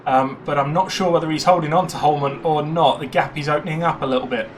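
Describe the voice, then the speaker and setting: A man giving live commentary on a sim race, chatty and excitable when cars overtake. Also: on the high side, fast talker, a little hiss or hum.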